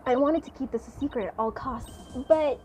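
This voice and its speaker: A woman voicing a young female lawyer raised as a boy, reading her game lines in a lower, measured tone. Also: over loud music, natural voice. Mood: composed.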